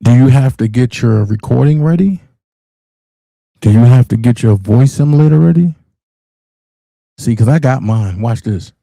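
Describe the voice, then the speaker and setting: A man hosting a live call-in stream, brash and profane as he taunts listeners. His voice is gravelly and mellow, with pitch that jumps around. The sound is close and dry. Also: animated, normal speed, long pauses, no echo. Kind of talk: casual live call-in talk.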